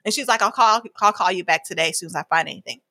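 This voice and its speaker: A woman with a bright, crisp tone recounts events in a lively, conversational way. She acts out the voices of people in her story, and the sound is dry and close. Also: fairly low pitch, very fast, no room sound. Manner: animated, acts out quoted dialogue with frequent laughs. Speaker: guest telling her story.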